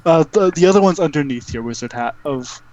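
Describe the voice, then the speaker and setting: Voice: medium pitch, expressive, brisk, a little mellow, muffled recording. A game master narrating a tabletop game in a rambling, hesitant way with many fillers.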